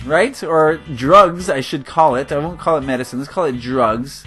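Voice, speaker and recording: A man's voice: mid-range voice, animated, normal speed, fairly bright tone. A man from California giving casual, rambling commentary on his game build, laughing often. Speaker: gaming video host. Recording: faint guitar music behind.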